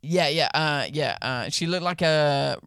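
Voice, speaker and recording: Gravelly young man bantering. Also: a little high, measured pace, fairly bright tone, no room sound, clean studio sound. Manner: banter, laughs often, crude slang. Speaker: podcast host. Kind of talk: casual chat, reading stories aloud.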